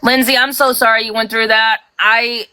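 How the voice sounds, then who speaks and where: A woman hosting a livestream, ranting heatedly and fast, swearing and rising to shouts. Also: a little high, little pitch movement, clean tone. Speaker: livestream host.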